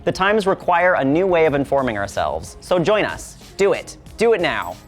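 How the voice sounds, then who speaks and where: A man's voice: a little high, very animated, normal speed, faint music behind. A man anchoring a satirical local newscast, reading in a sardonic, editorializing way. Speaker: news anchor.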